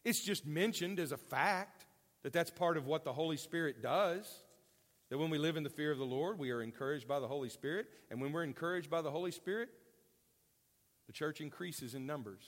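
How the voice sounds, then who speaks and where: A male pastor preaching a sermon in an animated, folksy way, with self-deprecating jokes. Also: fairly high pitch, brisk, big-room sound.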